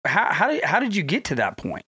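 A man's voice: high voice, huge pitch swings, brisk, pushed and bright, breathy edge, no echo, clean studio sound. A man hosting a podcast, asking long, rambling questions full of fillers in a friendly way. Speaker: podcast host. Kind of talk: casual podcast interview. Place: podcast studio.

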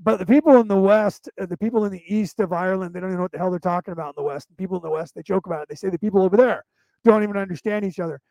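A man with a notably high voice, hosting his own show and spinning loose, rambling anecdotes. He talks in a chatty, casual way, restarting sentences as thoughts come to him. The sound is dry and close, with no room around it. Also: rapid-fire, vocal fry, dark tone, no echo, lo-fi sound. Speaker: show host.

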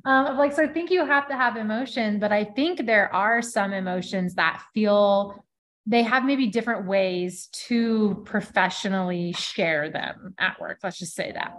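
A woman's voice: medium pitch, a little slow. A woman guest on a casual podcast, speaking candidly and laughing easily.

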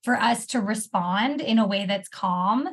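A woman speaks as a therapist guest on a podcast interview. Her voice is airy and a little breathy, and she sits at a middling pitch. She explains things step by step, filling them out with examples. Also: unhurried. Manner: warm explanatory, walks through steps with examples.

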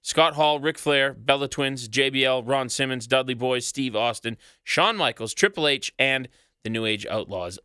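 Bright-voiced podcast co-host. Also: male voice, mid-range voice, normal speed, smooth, dry recording, studio quality. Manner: profane, rattles off long lists. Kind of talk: casual podcast chat.

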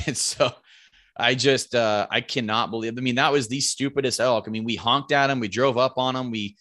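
Speaking in a mid-range voice at a moderate pace, a man tells a hunting story in a casual way. He's animated, curses freely, and acts out the dialogue loudly with his voice raised.

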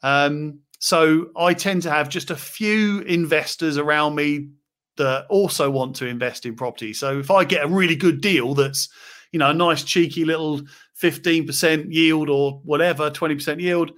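Chatty man, slightly high voice. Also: normal speed. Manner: chatty, relaxed, many fillers. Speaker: property investor and host. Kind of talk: casual live chat.

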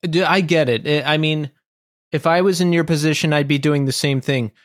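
A man hosting a podcast, interviewing a guest in a relaxed, friendly way. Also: on the high side, moderate pace, no room sound, studio quality. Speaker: podcast host.

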